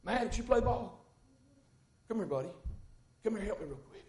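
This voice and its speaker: Male pastor, very high voice, folksy sermon with fervent peaks, echoey sanctuary. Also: expressive, moderate pace. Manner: folksy, rising to fervent shouts. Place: church sanctuary. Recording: echoey church room.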